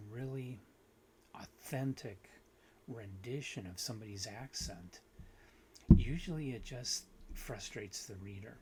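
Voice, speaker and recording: A man of middle pitch talking casually to camera about a book, critical and unhurried, often restarting his sentences. A faint hum sits behind his voice. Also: a little mellow. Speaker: book video host.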